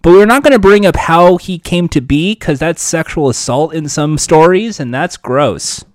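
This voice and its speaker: Lively, rambling guy on a podcast. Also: a little high, moderate pace, no echo, clean studio sound. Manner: rambling, animated, laughs often. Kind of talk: casual chat.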